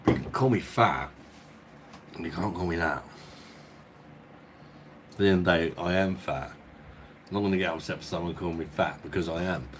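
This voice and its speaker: Beer-channel host, man, low voice, casual and sweary, rambling chat. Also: normal speed, long pauses, background noise. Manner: rambling, swearing, chuckling as he talks. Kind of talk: casual storytelling chat and viewer Q&A.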